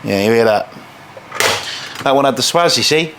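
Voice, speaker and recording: A young man, a fitness coach, talking casually and fast while cooking, swearing a lot and sounding tired. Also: medium pitch, lively intonation, noisy background.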